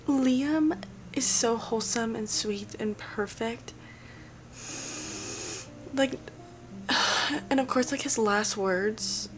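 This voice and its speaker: A chatty woman book vlogger who talks in a gushing, rambling way, filling her sentences with fillers as she thinks aloud. Her voice sits at an ordinary middle pitch, and faint noise hums behind her. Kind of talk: casual chat.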